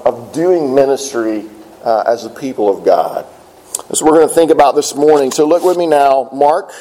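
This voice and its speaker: A man's voice: medium pitch, warm tone, low-quality recording. Earnest man preaching a sermon. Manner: earnest, plainspoken with frequent "uh" fillers and repeated words. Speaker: pastor.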